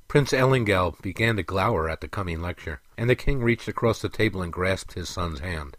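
Low-voiced man narrating a fantasy story. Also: animated, a little fast, few pauses, fairly bright tone, no echo.

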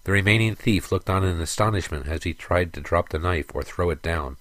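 A man narrates a fantasy story in a measured, even way. His voice is very low and the recording is dry, with no room sound. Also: no echo. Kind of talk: audiobook narration.

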